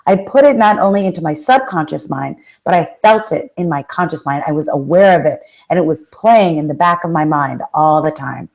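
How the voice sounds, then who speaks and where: A woman giving a motivational talk, telling stories with lively acted-out quotes and direct questions to the audience. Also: low voice, fairly quick, gravelly, hardly any pauses, poor audio. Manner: animated storytelling, acts out quoted voices. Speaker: motivational speaker and life coach.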